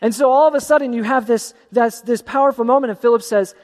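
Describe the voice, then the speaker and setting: Pastor, male, high voice, lively sermon delivery with a long hall echo. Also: fast talker. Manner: animated, acts out voices of story characters.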